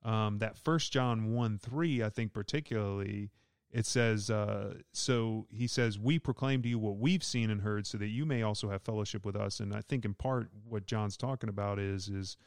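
A man's voice: lowish voice, normal speed, clean tone, dry recording, clean studio sound. A man with a Southern US accent, a pastor talking through Bible verses in an easygoing, joking podcast chat. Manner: easygoing, joking, laughs often. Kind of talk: casual podcast Bible discussion.

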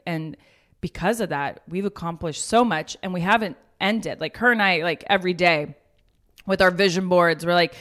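Animated woman in her thirties. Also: fairly low pitch. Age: 30s. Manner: animated storytelling, acts out quoted voices. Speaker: guest. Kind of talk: casual conversation.

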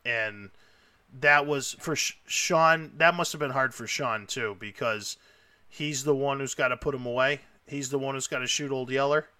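A man hosting a casual chat, telling a story with excitable, emotional energy and lots of rambling. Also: medium pitch, moderate pace, smooth, no echo. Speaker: podcast host.

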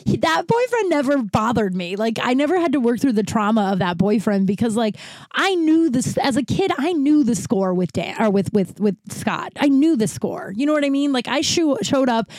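A woman telling a personal story casually, rambling with many fillers and correcting herself, laughing wryly at dark memories. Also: fairly high pitch, big pitch swings, normal speed, no room sound. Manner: rambling, heavy use of "like", self-correcting.

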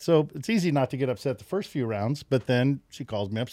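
Middle-aged man, podcast guest, lively storyteller who laughs a lot; dry close mic. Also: mid-range voice, fairly quick, no echo. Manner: animated, laughs often, acts out quotes. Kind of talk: casual storytelling.

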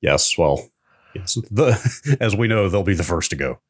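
A man co-hosting a podcast with a very deep voice that still swings widely in pitch. He sounds sleepy from the early hour, but he stays playful and teasing in easy chat. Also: expressive, measured pace, breathy edge. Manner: playful, teasing, laughs often. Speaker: podcast co-host. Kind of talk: casual chat.

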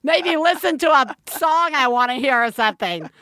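A woman co-hosting a podcast in casual chat. She is animated, swears, and acts out voices to get a laugh. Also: high voice, normal speed, very noisy. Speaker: podcast co-host.

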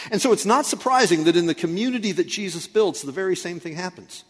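Male pastor, high-pitched, conversational sermon delivery with playful asides, reverberant church hall. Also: expressive, quick pace, slightly rough.

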